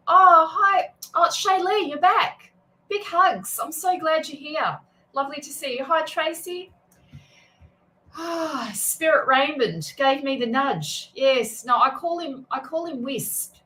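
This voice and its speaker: A woman's voice: high-pitched, unhurried, a bit bright, low-quality recording. A woman tarot reader and spiritual mentor chatting casually on a livestream, greeting viewers by name and often restarting her sentences.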